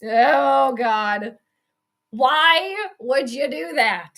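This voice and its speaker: A woman hosting casual live play-by-play football commentary, animated and quick to scold and laugh. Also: high-pitched. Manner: animated, exclaims and scolds the team, laughs often.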